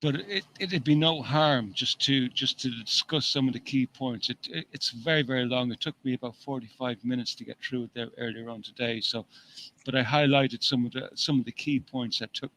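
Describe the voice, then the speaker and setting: A man's voice: medium pitch, brisk, pushed and bright, a little hiss or hum, low-quality recording. A man co-hosting a casual talk show, rambling with frequent restarts and swearing freely as he reads long passages from an article. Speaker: podcast co-host. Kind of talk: casual chat, reading an article aloud.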